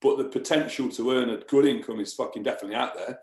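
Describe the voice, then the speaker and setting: A man's voice: mid-range voice, fast, a little mellow. A man, a guest on a podcast, talking casually, swearing and laughing often. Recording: roomy echo.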